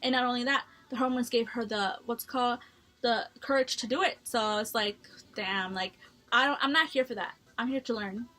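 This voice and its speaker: High-voiced young woman telling a story. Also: normal speed, pushed and bright. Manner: blunt, profane, chatty storytelling. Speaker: vlogger. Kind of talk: casual storytime vlog.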